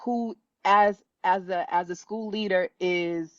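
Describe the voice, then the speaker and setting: A woman in her fifties, an author and educator, telling a story as a guest with lively restarts. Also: takes it slowly, dry recording, muffled recording. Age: 50s. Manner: animated, acts out quoted voices with pitch jumps, many restarts. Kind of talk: conversational storytelling.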